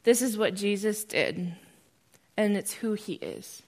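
Brief: young American woman, church testimony, lively storyteller, mid-pitched voice. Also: slow. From United States. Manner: animated storyteller, gets loud and excited when recounting. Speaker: speaker sharing a testimony. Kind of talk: church testimony talk with slides.

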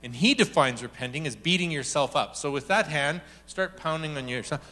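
A male preacher delivers a sermon with a lively, joking energy. His voice is fairly high and bright, and he often acts out the lines he quotes. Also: fairly quick. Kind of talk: sermon with storytelling.

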